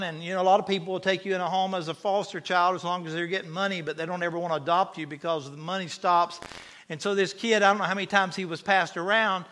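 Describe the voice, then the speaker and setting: A man preaching an impassioned sermon, swinging from loud to hushed and asking the congregation questions. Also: high-pitched.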